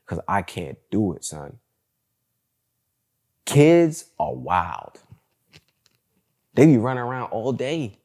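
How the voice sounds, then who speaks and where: A young man hosts a solo podcast in a slightly low voice. He talks in a loose, candid, slangy way and keeps "bro" and "like" running through his stories. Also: sing-song, normal speed, few pauses, a little mellow. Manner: candid, slangy storytelling, fills talk with "bro" and "like". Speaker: podcast host. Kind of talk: casual solo podcast monologue.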